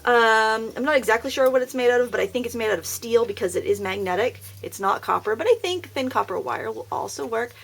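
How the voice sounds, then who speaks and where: A woman's voice: fairly high pitch, lively intonation, brisk, creaky, few pauses, a bit bright. A woman hosting a casual craft tutorial at her craft table, chatty, upbeat and self-deprecating. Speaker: craft video host.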